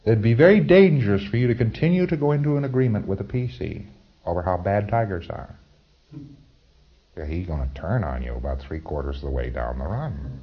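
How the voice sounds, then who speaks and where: Male lecturer, low voice, wry and conversational, lo-fi old tape. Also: lively intonation, fairly quick, husky. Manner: wry, conversational, with chuckles and mock dialogue. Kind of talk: recorded training lecture.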